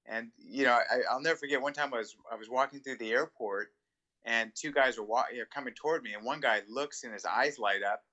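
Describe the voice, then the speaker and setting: A middle-aged man as an interview guest, talking in a relaxed, reflective way with chuckles. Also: mid-range voice, brisk, dull audio. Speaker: guest ultramarathon runner. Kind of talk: conversational interview.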